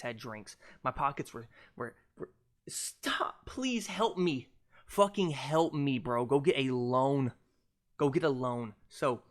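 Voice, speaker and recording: A young man hosting his own podcast on a cheap mic, ranting loudly and mockingly with lots of swearing. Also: medium pitch. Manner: loud, mocking, profane ranting. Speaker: podcast host. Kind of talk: casual ranting monologue. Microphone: cheap USB podcast mic.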